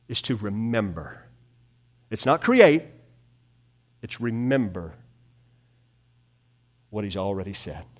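A man preaching a sermon to a small congregation in a room, swinging between hushed and loud delivery. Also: medium pitch. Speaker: pastor.

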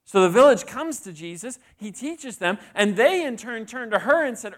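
A man's voice: very high voice, lively intonation, moderate pace, hardly any pauses, fairly bright tone. A man preaching a sermon in a conversational way, often asking the congregation questions. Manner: conversational, asks the audience questions.

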